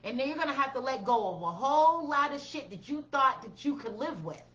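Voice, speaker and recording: A woman's voice: sits high, expressive, brisk, a bit bright, muffled recording. A woman giving a blunt, profane tarot reading, repeating her commands with emphasis. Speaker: tarot reader.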